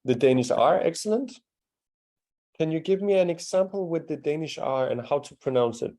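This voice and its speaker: Patient male language teacher, mellow voice. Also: on the high side, expressive. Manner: patient, demonstrates sounds slowly, encouraging. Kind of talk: live class lesson.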